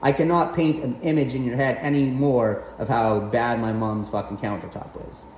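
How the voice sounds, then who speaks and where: A man's voice: medium pitch, normal speed, reverberant, muffled recording, slight background noise. A man telling a rant-filled personal story, swearing often and sounding exasperated. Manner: profane, animated, exasperated.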